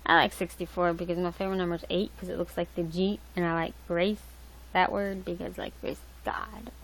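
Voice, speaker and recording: A woman's voice: fairly low pitch, flat delivery, a little fast, poor audio. A young woman hosting a livestream, rambling loosely with lots of fillers and restarts. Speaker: livestream host. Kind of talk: casual rambling chat. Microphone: laptop mic.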